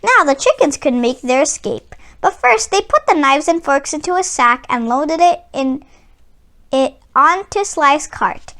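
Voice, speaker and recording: Woman, children's book read-aloud, high lively voice, unhurried. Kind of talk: read-aloud storytelling for kids.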